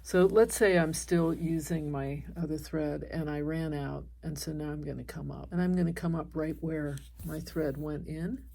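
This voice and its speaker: A woman teaching an embroidery stitch step by step, talking calmly as she works by hand. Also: low-pitched, moderate pace, creaky, hardly any pauses. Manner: calm, explains while stitching by hand. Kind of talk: step-by-step craft tutorial.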